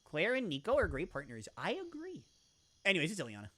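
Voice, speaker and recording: A woman's voice: fairly low pitch, huge pitch swings, fast talker, a bit bright, slightly rough. A woman streamer giving playful, bubbly live commentary while playing a game.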